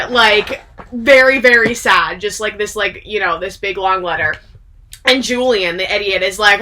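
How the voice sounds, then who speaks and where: A woman's voice: fairly high pitch, moderate pace, pushed and bright. A woman vlogger retelling a story to a friend in casual chat, rambling with lots of "like" and breaking into laughter. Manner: rambling, heavy use of "like", bursts of laughter.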